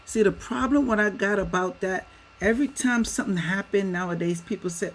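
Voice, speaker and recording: A man's voice: sits high, brisk, a little hiss or hum, low-quality recording. A man hosting a livestream, speaking emphatically to his viewers and firing off rhetorical questions. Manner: addresses viewers as y'all. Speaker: livestream host. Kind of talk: livestream commentary. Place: home setup with a green screen.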